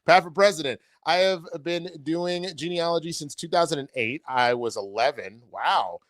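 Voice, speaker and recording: A man's voice: on the high side, normal speed, fairly bright tone, no echo. A man hosting a casual show, reading viewer comments aloud in a laid-back way. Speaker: show host reading live chat. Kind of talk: casual chat.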